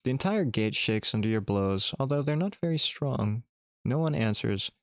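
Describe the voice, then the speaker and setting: Male streamer narrating a text adventure with playful asides; gravelly, dry. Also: medium pitch, normal speed, no echo. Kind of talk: reading a text adventure game aloud.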